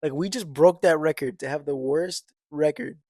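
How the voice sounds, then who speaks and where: A young man co-hosting a podcast, joking around and quick to laugh. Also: a little high, warm tone, no room sound. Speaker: podcast co-host. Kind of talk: casual podcast chat.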